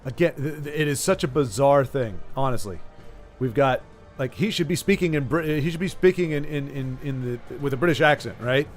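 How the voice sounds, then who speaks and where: A man's voice: medium pitch, brisk, soft background music. A man hosting a game stream in casual, rambling chat with many restarts and repeats. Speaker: streamer host.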